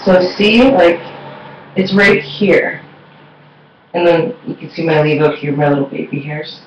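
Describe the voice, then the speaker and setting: A woman's voice: sits low, a little slow, slight background noise. A woman chatting casually in a beauty vlog, rambling with lots of fillers. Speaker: beauty vlogger. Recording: echoey room.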